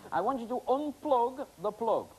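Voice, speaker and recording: A man's voice: very high-pitched, animated, moderate pace, a little mellow, slightly rough. A middle-aged man doing comic stage patter with volunteers as a magician host, chatty and teasing with many fillers. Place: TV studio stage with live audience. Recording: hissy 1980s TV broadcast.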